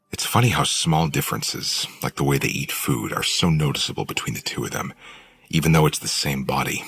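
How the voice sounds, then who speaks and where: A male audiobook narrator reads a first-person novel at an even, measured pace. His voice is extremely deep, with a gravelly, husky texture. The recording is dry and close to the microphone. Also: no room sound.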